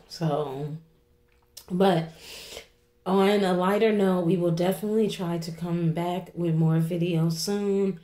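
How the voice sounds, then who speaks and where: A woman's voice: lowish voice, dark tone, echoey room. A woman in her forties, tearful after crying, talking in a rambling way to her viewers and often asking "okay?" and "you know?". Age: 40s. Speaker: vlogger. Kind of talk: emotional vlog talk to viewers.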